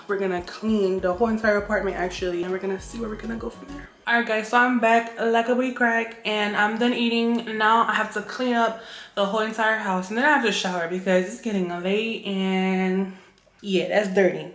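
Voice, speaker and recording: A young woman vlogger chats casually to the camera while cooking and cleaning in her small apartment kitchen, calling her viewers "y'all." She sounds out of breath, with a mid-range, fairly bright voice. The room is reverberant.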